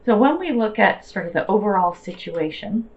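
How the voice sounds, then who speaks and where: A woman's voice: mid-range voice, lively intonation, moderate pace. Chatty lo-fi woman reading tarot. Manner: chatty and reassuring, with fillers and slang. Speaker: tarot reader.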